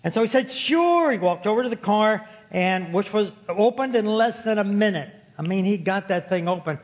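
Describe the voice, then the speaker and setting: A man's voice: high voice, a little fast. A man preaching a sermon to his congregation, folksy and storytelling, joking with the room. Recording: long hall reverb.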